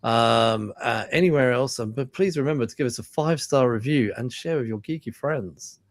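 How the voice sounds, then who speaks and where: A man's voice: medium pitch, moderate pace, no room sound. A chatty man with a London accent hosts a casual film podcast, laughing easily and tripping over his words. His voice is close and dry, with no room sound. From England. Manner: chatty, laughs often, many fillers and restarts. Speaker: podcast host.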